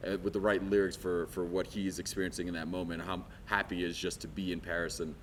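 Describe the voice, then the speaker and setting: A man, a stage actor, telling in a casual talkback how he picked his song, animated and storytelling. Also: sits low, a little hiss or hum. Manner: animated storytelling, fast talker.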